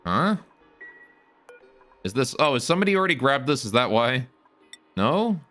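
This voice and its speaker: A man's voice: medium pitch, sing-song, normal speed, a bit bright, soft background music. A man streaming a game live, joking with his chat while he plays. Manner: joking, chats with viewers while playing.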